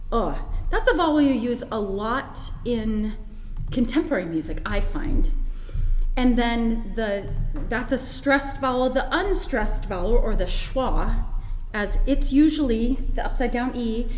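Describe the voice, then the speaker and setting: A woman's voice: fairly high pitch, roomy sound, in a large hall, a little hiss or hum. A woman presenting a webinar on choral conducting, explaining and demonstrating vowel sounds with frequent fillers. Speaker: choir conductor and workshop presenter. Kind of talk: webinar teaching.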